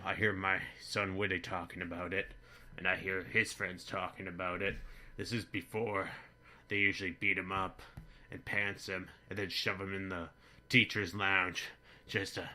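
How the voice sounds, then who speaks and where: A boorish, bigoted middle-aged dad, played by a man rambles crudely through a comedic monologue. His voice sits a little low but rings bright and forceful. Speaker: comedy vlogger in character.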